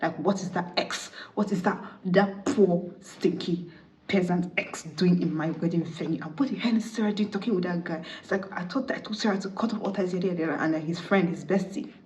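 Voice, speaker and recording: A woman's voice: lowish voice, fairly quick, darkish tone, slight background noise. A woman casually recapping a movie, chatty, full of fillers, acting out the dialogue. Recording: slightly distant, dull audio.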